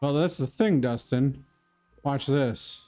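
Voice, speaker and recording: A man's voice: medium pitch, slow pace, mellow, faint music behind. A man streaming live, chatting casually and answering viewers' comments.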